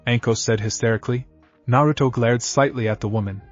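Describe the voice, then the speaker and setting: A man narrating a scripted fan-fiction story in an even, read-aloud manner. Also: medium pitch, a little fast, muffled recording, soft background music.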